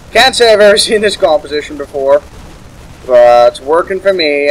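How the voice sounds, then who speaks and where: A man's voice: fairly high pitch, a little hiss or hum, rough recording. A young man giving casual solo commentary on a strategy game match, chuckling and correcting himself as he goes. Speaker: esports caster.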